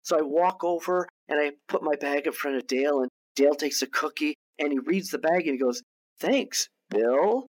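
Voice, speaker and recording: A man's voice: fairly high pitch, brisk, few pauses. A man, a guest on a podcast, tells a story in a casual way, often restarting and repeating his words. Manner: animated anecdote-teller who restarts and repeats words. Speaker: guest, TV producer and director.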